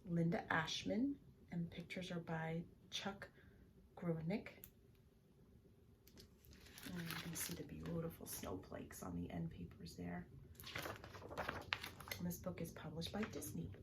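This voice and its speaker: A woman librarian reads bedtime stories and leads a calming stretch for children. Her voice is gentle and soothing, sits somewhat low, and often sinks into soft whispers. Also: noisy background. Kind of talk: bedtime story time and breathing exercise.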